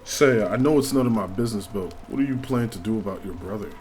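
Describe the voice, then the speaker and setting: A man's voice: on the low side, fast, a little mellow, a little hiss or hum, natural voice. A man reading as a careful young adventurer.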